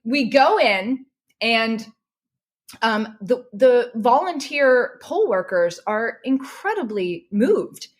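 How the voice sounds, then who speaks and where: A woman guest on a podcast tells a personal story in lively, emotional conversation, frequently restarting her sentences. Her pitch is fairly high.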